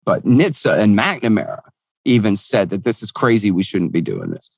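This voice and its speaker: A man speaking as a guest in a casual interview, making his points in an emphatic, fast-flowing, opinionated way with sardonic asides. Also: on the low side, wildly swooping pitch, creaky, a little mellow, husky, no room sound.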